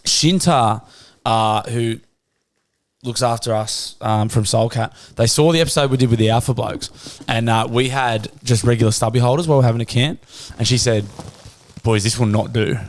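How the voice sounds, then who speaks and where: A man's voice: medium pitch, normal speed. Crude, jokey Australian man. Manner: crude, jokey storytelling, slips into silly voices. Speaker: podcast co-host. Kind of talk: casual chat.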